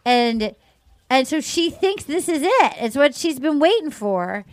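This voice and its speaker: High-voiced woman gossiping animatedly. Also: very animated, a little slow. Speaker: podcast host. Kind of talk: casual chat recapping a show.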